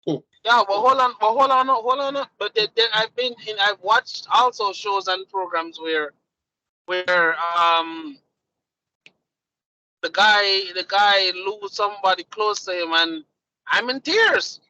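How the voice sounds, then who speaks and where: A man's voice: high-pitched, slow pace, highs cut off. A man co-hosting a casual group podcast, telling stories animatedly and acting out what people said. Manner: animated storytelling with lively voiced quotes. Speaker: podcast co-host.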